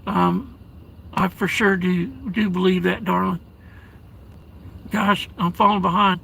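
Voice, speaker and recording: Affectionate high-voiced man streaming live. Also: fairly even intonation, vocal fry, sharp tone, slightly rough, low-quality recording. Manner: friendly, calls viewers darling and brother, halting restarts. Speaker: live streamer reading chat. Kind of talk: casual live stream chat. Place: inside a parked vehicle at home during a blizzard.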